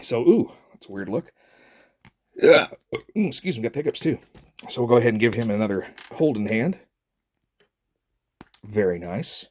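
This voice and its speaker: A middle-aged man reviews toys in a casual, jokey chat, rambling with many fillers. His medium-pitched voice is animated and darkish in tone, moving at a moderate pace with long pauses.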